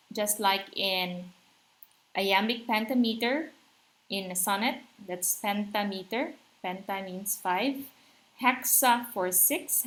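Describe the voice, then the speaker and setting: A woman's voice: on the high side, a bit bright. A woman teaching a literature lesson, explaining terms and asking her listeners rhetorical questions. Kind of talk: literature lecture.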